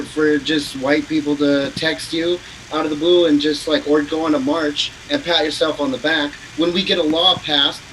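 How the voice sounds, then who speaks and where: A man's voice: on the high side, fairly bright tone, a little hiss or hum, rough recording. A man speaking as a podcast guest in casual chat, earnest and searching for his words.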